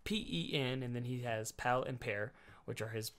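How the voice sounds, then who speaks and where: A man's voice: mid-range voice, fairly even intonation, normal speed, fairly bright tone. A man co-hosting a casual movie podcast, rambling with lots of fillers and jokes. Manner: rambling, joking, laughs often with many fillers. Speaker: podcast co-host. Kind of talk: casual chat about movies.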